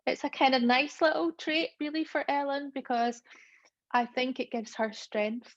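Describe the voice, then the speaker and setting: A woman's voice: sits high, fairly even intonation, moderate pace, no echo. Woman talking about her novel. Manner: chatty, with frequent fillers. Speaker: author. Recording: dull lo-fi dry recording.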